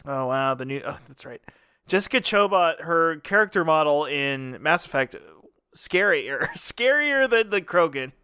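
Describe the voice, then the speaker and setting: Bright, clear-voiced male podcast co-host. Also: on the high side, animated, measured pace, no room sound, clean studio sound. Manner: joking, rambling, laughs often. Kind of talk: casual comedic chat.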